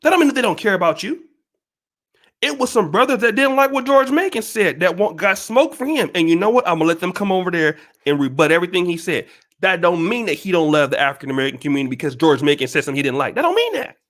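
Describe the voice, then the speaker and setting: A man's voice: high voice, big pitch swings, fast talker, fairly bright tone. A man hosting his own channel, ranting at viewers in an emphatic, profane, repetitive, preachy way. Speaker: channel host.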